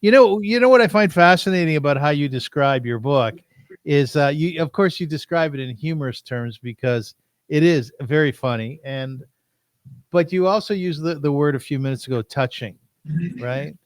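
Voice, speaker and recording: A man's voice: on the high side, moderate pace, no room sound. A man in his sixties hosting an interview, conversational and asking probing follow-up questions. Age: 60s. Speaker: podcast host.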